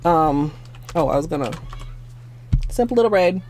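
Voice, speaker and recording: A young adult woman streamer chatting casually at home, excitable and given to swearing, teary-eyed and sniffling. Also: fairly low pitch, moderate pace, a little hiss or hum. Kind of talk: casual livestream chat.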